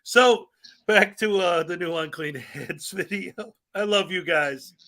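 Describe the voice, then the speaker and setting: A man's voice: high-pitched, slow pace, sharp tone. A man hosting a casual livestream, chatting in an amused way about the video he is playing. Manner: amused, chatty, laughs often. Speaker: host.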